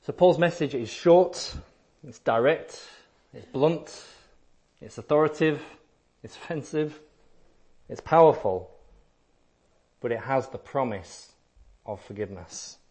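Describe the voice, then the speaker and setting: A man's voice: mid-range voice, animated, a little slow, long pauses, a little mellow. A man preaching a sermon, emphatic and repetitive, sometimes acting out listeners in a lighter voice.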